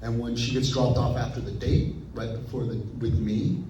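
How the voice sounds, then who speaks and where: Man with a dark voice, far off in a roomy echo. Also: mid-range voice, level tone, normal speed, highs cut off, slight background noise. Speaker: actor guest. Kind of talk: interview, animated storytelling. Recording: roomy echo, picked up from a distance.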